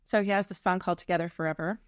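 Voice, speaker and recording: A woman's voice: fairly low pitch, steady tone, rapid-fire. A woman telling her personal story in a candid conversation, earnest and reflective, often restarting her sentences. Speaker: birth mother guest.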